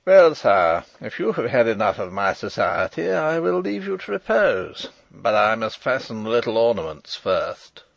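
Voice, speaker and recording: Give me a mocking English ruffian with a harsh, grating voice, as an audiobook narrator puts him on, gravelly and dry. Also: male voice, fairly low pitch, big pitch swings, moderate pace, few pauses, no room sound, full character voice. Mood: sneering. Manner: sneering, mocking.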